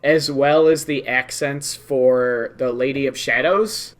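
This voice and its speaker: A man's voice: medium pitch, fairly even intonation, takes it slowly. A man co-hosting a casual book podcast, chiming in with short enthusiastic remarks. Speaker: podcast co-host. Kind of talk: casual book-discussion chat.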